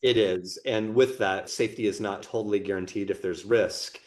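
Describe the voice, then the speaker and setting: A man's voice: lowish voice, moderate pace, a little mellow. Man co-hosting a reflective podcast. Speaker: podcast co-host. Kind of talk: conversational podcast discussion.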